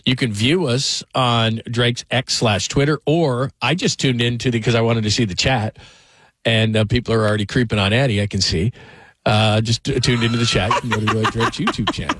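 A man's voice: mid-range voice, a little fast, a bit bright, breathy edge, no room sound. A man hosting a sports talk show, asking his co-host questions about the season. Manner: questioning, teasing.

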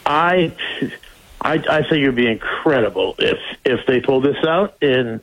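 A man's voice: medium pitch, expressive, normal speed, creaky. A man in his fifties calling into a radio show, friendly and a little stammering. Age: 50s. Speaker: caller. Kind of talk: phone-in chat. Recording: phone line.

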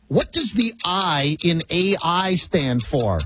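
A man hosting a radio quiz show with a brisk, playful quizmaster manner. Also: high voice, big pitch swings, fairly bright tone, no echo.

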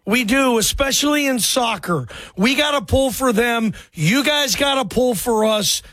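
A man hosting a sports talk radio show, energetic and chummy, full of slang as he takes calls. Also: extremely high pitch, unhurried, no room sound. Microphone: studio microphone.

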